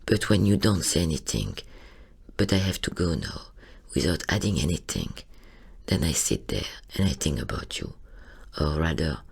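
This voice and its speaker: Woman, literary monologue reading, husky, half-whispered, gravelly fry, lively rise and fall. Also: a bass voice. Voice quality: husky and creaky, often sinking into a whisper. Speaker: narrator.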